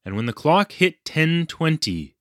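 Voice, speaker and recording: A flustered young male English teacher, voiced by an actor, tells his story in a wry, self-deprecating voice for an audio drama. His pitch swings freely. The sound is close and dry, with no room echo. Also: big pitch swings, unhurried, a bit bright. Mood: recounting.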